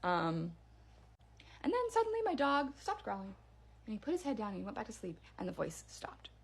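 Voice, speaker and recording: A young woman casually telling a spooky personal story to camera, animated and dropping to a hush at the eerie parts. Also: mid-range voice, normal speed, breathy edge.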